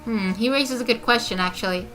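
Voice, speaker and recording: A woman's voice: fairly high pitch, brisk, a bit bright, faint music behind, close to an everyday voice. A woman voicing an earnest young male defense attorney, reading his dialogue and wry inner asides aloud.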